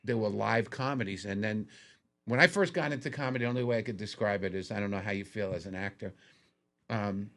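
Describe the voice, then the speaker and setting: A comedian guest on a podcast tells stories casually, animated and acting out the people he quotes in a raised voice. His voice is fairly low and his pace brisk.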